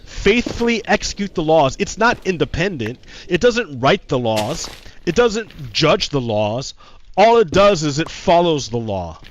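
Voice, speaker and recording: A man's voice: on the high side, very animated, a little slow, a little hiss or hum. A man talking casually on a livestream, heated and profane, often repeating himself. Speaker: streamer.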